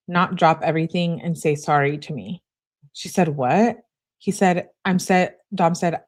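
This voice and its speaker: A woman's voice: sits low, darkish tone. A young adult woman hosting a casual livestream, reading text messages aloud and chatting with viewers between them. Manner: reads messages aloud, interjects reactions to chat.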